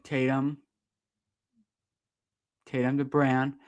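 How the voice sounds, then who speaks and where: A man doing live fan play-by-play of a basketball game, partisan and quick to protest the referees' calls. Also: mid-range voice, monotone, a little mellow. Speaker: sports streamer doing play-by-play.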